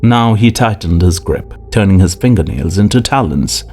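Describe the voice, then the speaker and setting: A man narrating an audiobook in a measured, expressive way. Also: low voice. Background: faint music.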